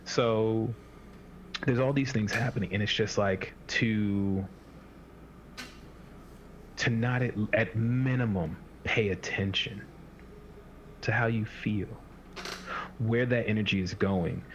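Speaking slowly and pausing often, this fairly low-pitched man plays a fitness coach rambling through a laid-back podcast conversation and voicing what his clients are thinking. A faint hiss sits under the dull, lo-fi audio.

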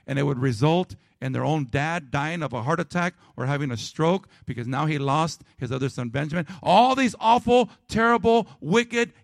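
A male pastor preaching a sermon to his congregation, rising to loud emphatic peaks and dropping to a quiet, low prayer. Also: creaky, no room sound, studio quality. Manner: calls out to the congregation.

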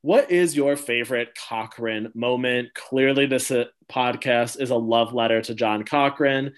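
A man hosting a casual podcast chat, playful and gushing, quick to laugh. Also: medium pitch. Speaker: podcast host.

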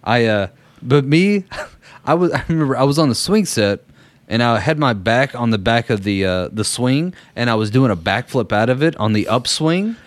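A man's voice: medium pitch, lively intonation, moderate pace, no room sound. Laid-back cussing man telling stories. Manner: profane, laughing storyteller. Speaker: podcast co-host. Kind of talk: casual storytelling chat.

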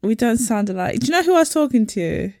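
Playful woman with a lively, dry-sounding voice. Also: on the high side, fast, no echo. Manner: playful, teasing, laughs a lot. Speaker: podcast co-host. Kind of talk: casual chat.

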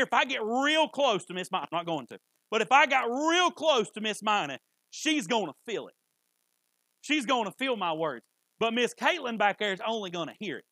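A man's voice: sits high, sing-song, a little fast, sharp tone, no echo, poor audio. A man preaching a sermon, fervent and emphatic, repeating key phrases for weight. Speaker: pastor.

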